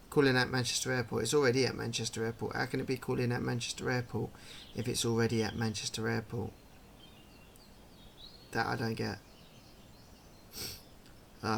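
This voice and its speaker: A man talks through a game in a loose, chatty way, wondering aloud at what he sees. His voice has a gravelly edge and sits at an ordinary pitch. Steady noise hums behind him throughout. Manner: chatty, musing aloud, puzzled asides. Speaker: gaming channel host. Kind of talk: casual game commentary.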